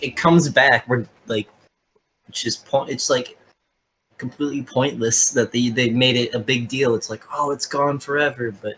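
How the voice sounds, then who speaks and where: A man's voice: medium pitch, sharp tone, slight background noise, poor audio. Rambling man on a podcast call. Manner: rambling, laughs often, uses many fillers. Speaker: podcast co-host. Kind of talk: casual group chat over voice call. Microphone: computer mic on an online voice call.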